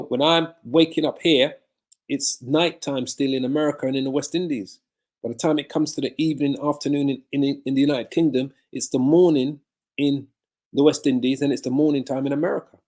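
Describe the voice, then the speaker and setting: A man's voice: mid-range voice, fairly quick, darkish tone. A man preaching a sermon-style Bible lesson on a live video from his home. He asks rhetorical questions, answers them himself, and repeats phrases for emphasis.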